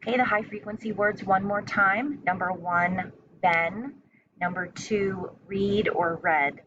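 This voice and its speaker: Slow, careful woman teacher dictating. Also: medium pitch, distant mic, dull audio, background noise. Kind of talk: dictating a spelling test.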